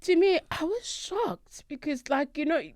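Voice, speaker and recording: A South African woman tells her story as an interview guest, her voice sitting fairly high. She leans hard on words for emphasis. The sound is dry and close, as if from a studio microphone. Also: unhurried, no echo. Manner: animated, emphatic retelling. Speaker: guest, traditional healer. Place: radio studio.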